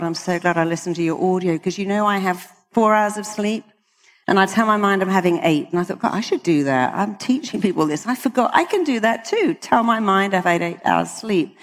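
A woman's voice: on the low side, in a large hall. A British woman, a hypnotherapist, giving an emphatic motivational talk to a live audience and acting out the people she quotes. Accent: British English. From Britain.

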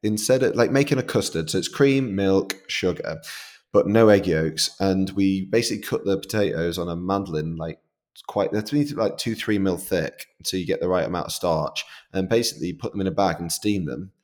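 A man's voice: low-pitched, a little fast, darkish tone. A man hosting a podcast, a chef who chats in an easygoing way and explains dishes step by step. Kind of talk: casual interview chat.

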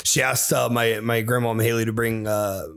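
A man's voice: medium pitch, little pitch movement, moderate pace, vocal fry, a bit bright, clean tone. A young man from Ohio, co-hosting a podcast in casual chat, rambling and swearing as he tells stories. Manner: swearing, rambling, laughs often. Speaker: podcast co-host.

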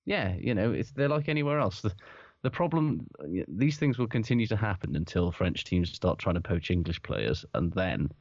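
A man's voice: lowish voice, expressive, moderate pace, darkish tone, dry recording, highs cut off. A man co-hosting a podcast, chatting casually about sport, rambling, swearing and laughing often. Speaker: podcast co-host.

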